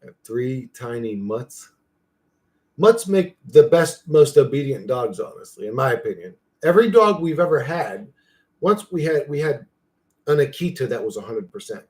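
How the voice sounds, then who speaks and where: A young man hosting a casual livestream, rambling, swearing freely, and answering his viewers' chat. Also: darkish tone. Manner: rambling, profane, talks to his dog in a high playful voice. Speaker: livestream host.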